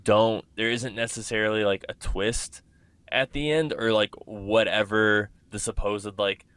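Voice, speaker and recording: A man with a lowish, smooth voice chats casually on a podcast. He wanders through his stories, dropping "like" into almost every phrase. The sound is close and dry. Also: fairly even intonation, a little slow, a bit bright, no echo. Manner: loose, filler-heavy, says "like" constantly. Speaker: podcast host.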